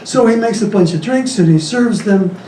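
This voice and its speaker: A man doing stand-up comedy, rattling off deadpan jokes and chuckling at his own punchlines on a comedy club stage. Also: sits high, moderate pace. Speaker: stand-up comic. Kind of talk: stand-up joke telling. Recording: echoey club, distant mic, faint room noise.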